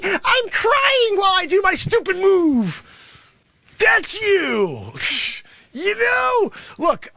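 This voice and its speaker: A man playing a brash, greedy male martial arts sensei in an improvised comedy bit, boasting and berating his students with loud shouted bursts. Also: extremely high pitch, creaky, no echo, pitched above the performer's own voice, full character voice. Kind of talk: improvised comedy character monologue.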